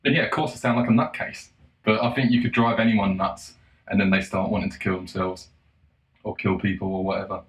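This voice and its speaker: A man in a casual monologue, profane and sarcastic, breaking into mocking shouts. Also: low voice, fairly even intonation, a little fast. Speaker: solo commentator. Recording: roomy echo.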